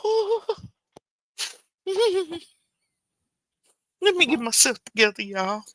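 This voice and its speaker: A woman's voice: very high-pitched, big pitch swings, extremely slow, fairly bright tone, no echo. A woman hosting a casual livestream, talking straight to her viewers about their comments and keeps breaking into helpless laughter. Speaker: livestream host. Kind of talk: casual live chat reacting to viewer comments.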